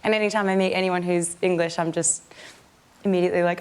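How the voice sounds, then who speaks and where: Female guest, fast and gushing, mid pitch. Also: steady tone, clean tone. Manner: gushing, quick. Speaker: chat show guest. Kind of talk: chatty anecdote.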